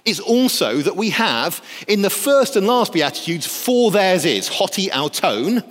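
A man from the north of England, giving a lively academic lecture with jokey asides. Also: high-pitched, a little slow, big-room sound.

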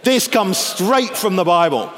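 A man from the north of England, giving a lively academic lecture with jokey asides. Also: high voice, a little slow, big-room sound, a little hiss or hum.

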